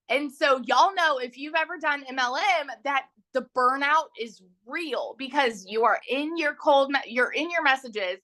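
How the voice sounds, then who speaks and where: A woman in her thirties talking on a phone mic as a webinar guest, chatty and excited, telling her story with lots of asides to viewers. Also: sits high, no echo. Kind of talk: enthusiastic testimonial on a livestream. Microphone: phone held in hand.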